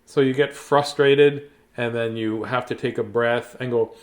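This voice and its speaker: A man's voice: medium pitch, steady tone, a little slow, a little mellow. A man hosting a bedtime story show, chatting in a playful, rambling way with silly asides. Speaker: storybook reader and host. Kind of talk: casual bedtime story chat.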